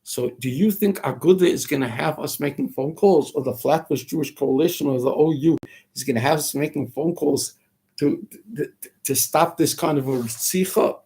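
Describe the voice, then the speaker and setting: His voice is a little high, warm and husky, and he keeps a moderate pace. Hosting a radio talk show, he gives an emphatic, sermonizing political monologue laced with Hebrew and Yiddish terms, rhetorical questions and impressions of his critics.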